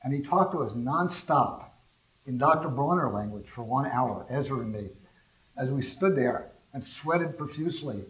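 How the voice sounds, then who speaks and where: An older man from California giving a talk, telling rambling, animated anecdotes and asking the audience questions. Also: medium pitch, normal speed, poor audio. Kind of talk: storytelling talk to a small audience.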